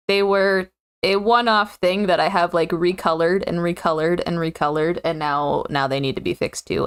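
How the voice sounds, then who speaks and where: A woman's voice: lowish voice, fairly bright tone, clear, resonant tone. Giggly rambling woman streamer. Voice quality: giggly, rambling, lots of fillers and self-corrections. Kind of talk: casual live-stream chat.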